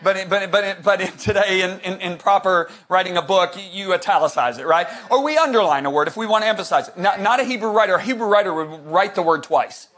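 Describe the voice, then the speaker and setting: A man preaching a sermon, animated and joking, shouting some words for emphasis and rambling with restarts. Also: high-pitched, fast talker, hardly any pauses. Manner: rambling with restarts, jokey asides.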